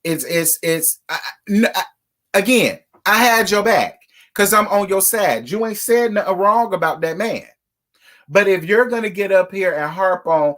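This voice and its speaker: A man's voice: high-pitched, animated, normal speed, a bit bright. A man hosting a casual reality TV recap, talking bluntly and profanely in a scolding tone. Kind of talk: casual commentary rant.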